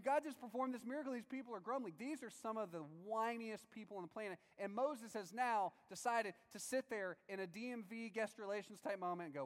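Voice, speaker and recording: A man preaching a sermon in a lively, animated way, acting out the voices of biblical figures. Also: sits high, brisk, hardly any pauses, long reverb tail.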